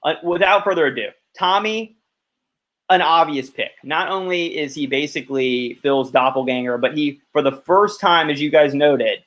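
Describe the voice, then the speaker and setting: A man's voice: fairly high pitch, normal speed, a bit bright, poor audio. A man from Alabama chatting casually as a podcast guest, rambling along with lots of "like" fillers. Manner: rambling, heavy use of "like" fillers.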